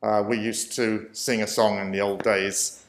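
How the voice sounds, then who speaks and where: A man's voice: lowish voice, level tone, a little slow, a little hiss or hum. A man and preacher telling his life story as a personal testimony in a self-deprecating way, often chuckling. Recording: roomy echo.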